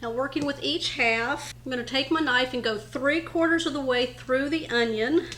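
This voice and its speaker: A woman's voice: high-pitched, moderate pace, a bit bright. Chatty woman hosting a cooking show. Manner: friendly, chatty, addresses viewers as you guys. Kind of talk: cooking demonstration. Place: home kitchen.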